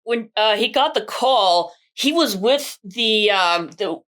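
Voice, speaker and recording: A woman's voice: medium pitch, animated, slow pace, fairly bright tone. A woman co-hosting a film podcast in casual chat, thoughtfully retelling scenes and quoting lines from them. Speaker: podcast co-host.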